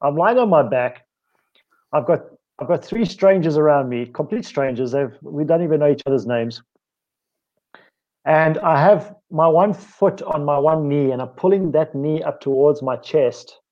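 Rambling man with a dark, dull sound. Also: fairly high pitch, normal speed. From South Africa. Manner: rambling, self-correcting, laughs often. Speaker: guest speaker on stretching. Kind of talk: casual storytelling chat. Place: home office.

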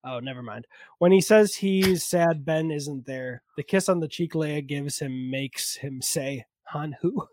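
A man with a fairly high voice hosts a casual movie review podcast over an online call. He rambles and laughs often, poking fun at himself. The sound is dry and close on his computer mic. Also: a little slow, darkish tone, no room sound. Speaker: podcast host.

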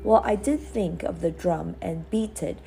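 A woman voicing a naughty, mischievous girl doll in a storybook reading, with shrill, pleading calls. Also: unhurried, gravelly, dark tone, soft background music. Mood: eager.

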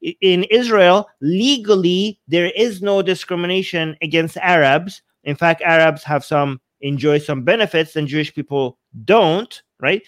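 A man's voice: high-pitched, unhurried, hardly any pauses, dry recording. A man hosting a casual reaction chat, talking earnestly with frequent restarts. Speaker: host.

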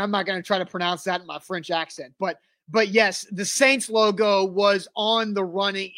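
High-voiced sports talk host, dry mic. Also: male voice, bright, forceful tone, no echo. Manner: reads ad copy and listener picks with fillers. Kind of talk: casual sports radio chat.

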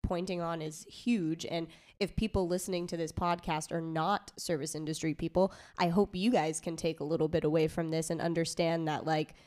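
A woman's voice: low-pitched, steady tone, moderate pace, hardly any pauses, darkish tone. A woman co-hosting a casual podcast, earnest and playful in how she talks. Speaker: podcast co-host.

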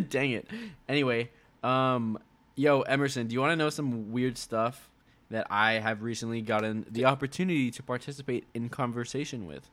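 College-age podcast co-host, mid-pitched, easygoing and jokey. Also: male voice, steady tone, moderate pace, a bit bright. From Mexican heritage. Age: young adult. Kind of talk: casual chat.

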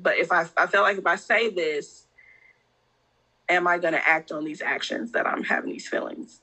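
A woman with a strikingly bright, sharp-edged voice talks as a guest on a conversational podcast. She speaks openly and from the heart, telling her story in an animated, casual way. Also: lowish voice, a little fast, husky, rough recording.

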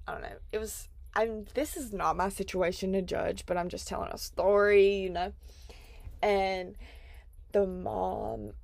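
A woman's voice: mid-range voice, creaky, darkish tone, dry recording. A woman in her twenties hosting a podcast, chatting casually and rambling with lots of "like" fillers. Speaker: podcast host. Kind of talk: casual chat.

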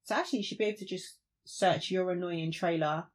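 A woman's voice: on the low side, fast. A woman co-hosting a podcast who talks informally and giggles through her sentences. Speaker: podcast co-host. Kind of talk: casual chat.

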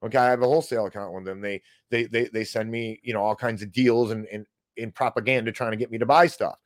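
A podcast host goes on a casual, heated, rambling rant during a live stream, often restarting sentences in a folksy style. His voice is lowish with fairly even intonation and fast delivery, with no room sound.

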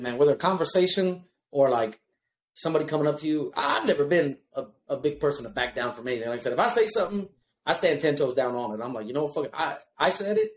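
A young adult man, host of a casual chat, telling a profane, animated story with lots of fillers. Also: medium pitch, echoey room. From Houston, Texas.

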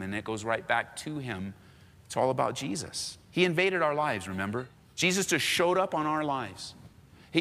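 A male pastor preaches with animated, emphatic repetition, mixing casual slang into his teaching. His voice sits a little high and rings bright and forceful. It carries the long reverb of a big church sanctuary. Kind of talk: sermon.

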